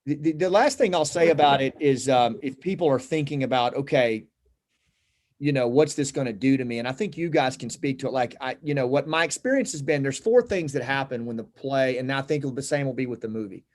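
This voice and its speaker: A middle-aged man speaking at an ordinary pitch, in the earnest, unhurried tone of someone recounting something that mattered to him. He talks in a casual conversational style, pausing and restarting with small fillers as he gathers his thoughts. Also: a little mellow. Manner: earnest, reflective, halting with fillers. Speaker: guest. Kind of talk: casual conversation, personal storytelling.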